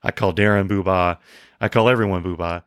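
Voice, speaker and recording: A man's voice: low-pitched, fairly even intonation, fairly quick, smooth, dry recording. Man, middle-aged, co-host, wry humor, dry close sound. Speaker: podcast co-host. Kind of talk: casual chat.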